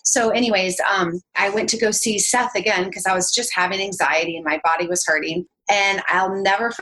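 A woman's voice: mid-range voice, fairly even intonation, a bit bright, low-quality recording. A woman speaking as a podcast guest, telling a personal story candidly and openly. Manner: candid and open, fast and chatty.

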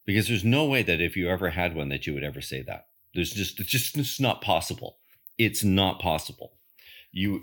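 A man's voice: sits low, fairly bright tone. An older man hosting a spiritual podcast, telling a personal story in an earnest, emphatic, reflective monologue. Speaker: podcast host and medium.

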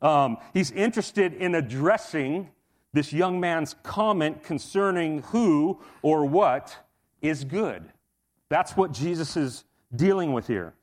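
A man's voice: a little high, animated, takes it slowly. Casual, conversational man preaching. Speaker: pastor. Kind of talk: sermon.

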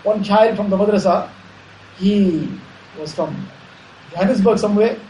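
Guy preaching slow and steady, mellow tone, roomy echo, bit of background hum. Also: sits high. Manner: measured, repetitive preaching with Arabic terms. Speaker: Islamic preacher. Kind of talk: sermon. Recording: echoey room, faint ambience.

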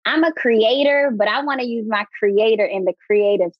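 A woman guest coach chatting casually in an interview, animated and slangy, often laughing. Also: a little high, normal speed, no room sound. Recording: dull lo-fi dry sound.

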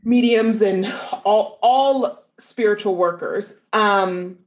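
A woman hosting a podcast interview, encouraging her guest and quick to laugh. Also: mid-range voice. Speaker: podcast host. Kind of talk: casual interview chat. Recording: dull lo-fi sound.

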